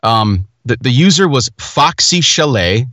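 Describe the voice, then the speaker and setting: Rambling, lively-voiced man. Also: mid-range voice, unhurried, no room sound. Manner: rambling, self-mocking, animated storytelling. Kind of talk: casual chat.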